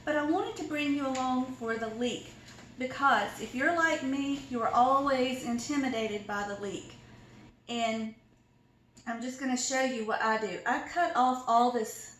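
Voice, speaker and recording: In this rough, roomy recording with slight background noise, the Southern-accented home cook talks a little slowly in a high, fairly bright voice. She keeps her recipe tutorial casual, folksy, and full of self-deprecating chatter.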